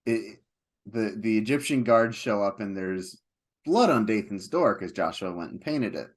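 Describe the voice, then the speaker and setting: A man co-hosting a film podcast, talking casually and at length, getting animated when he retells scenes. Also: lowish voice, normal speed. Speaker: podcast co-host.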